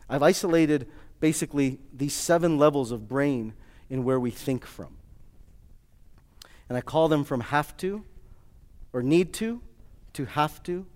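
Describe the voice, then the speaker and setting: A man giving a lively motivational talk to a live audience, joking and quizzing the crowd. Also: mid-range voice. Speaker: speaker addressing a live audience. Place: large hall with an audience. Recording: long hall reverb.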